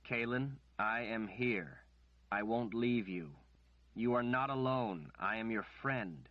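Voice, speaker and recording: A man playing a desperate young man who pleads urgently and insistently, then low and calm. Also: slow, no room sound, muffled recording, natural voice. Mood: calm, pleading. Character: desperate young man calling a woman back.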